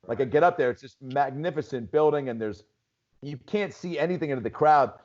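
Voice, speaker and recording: A Seattle stand-up comedian, a man, guests on a podcast and tells stories loosely, sprinkling in plenty of "dude" and "like." His mid-range voice comes fairly quick and a little mellow, with the highs cut off in the recording.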